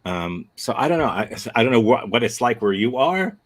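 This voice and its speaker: Teaching improv on a video call, a man from the United States gives a frank, thoughtful answer to a student's question, stopping and restarting often. He speaks at a medium pitch with big swings in intonation.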